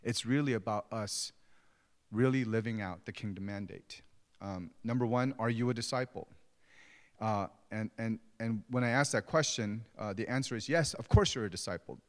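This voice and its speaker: A middle-aged male pastor with a fairly low voice, preaching in a relaxed, conversational way that pokes fun at himself. The sound rings out with a long reverb tail, like a church sanctuary. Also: normal speed. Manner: conversational and self-deprecating, acting out family quotes. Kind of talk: sermon.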